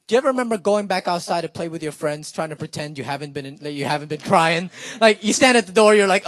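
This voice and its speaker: A young man telling a comic story to an audience, animated and chatty, often checking in with "right?". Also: high-pitched, quick pace, no room sound. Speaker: spoken word performer.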